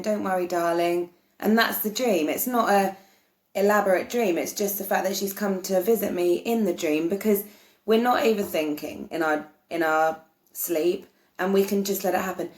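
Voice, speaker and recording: A woman's voice: fairly low pitch, a little mellow. A woman earnestly explaining spiritual ideas to camera in a casual, meandering way, often restarting her sentences. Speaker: spiritual vlogger. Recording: roomy echo.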